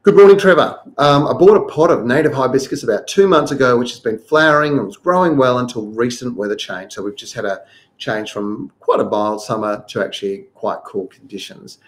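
A man's voice: medium pitch, brisk. A middle-aged man, hosting a live gardening show. He reads viewers' questions aloud and then gives practical advice.

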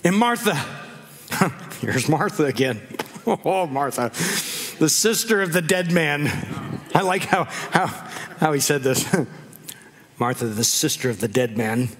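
A middle-aged male pastor preaching a sermon in a church, animated, acting out quoted voices and laughing often. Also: fairly high pitch, a little slow, pauses often, in a large hall.

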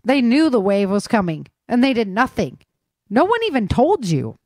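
A woman's voice: fairly high pitch, big pitch swings, normal speed, darkish tone, dry recording, studio quality, pitched above the performer's own voice. A woman reading the part of a passionate, blunt young rebel woman in an audiobook.

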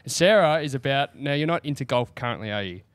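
A man co-hosting a podcast, upbeat and playful, pitching a sponsor segment. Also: animated, fast talker. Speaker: podcast co-host. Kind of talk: casual chat, reading ad segments.

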